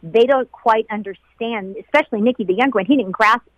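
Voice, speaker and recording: A woman who was a flight attendant, being interviewed about a painful day. She talks in a halting, emotional way and often repeats herself. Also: fairly high pitch, dry recording. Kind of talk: emotional personal recollection. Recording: dull lo-fi sound.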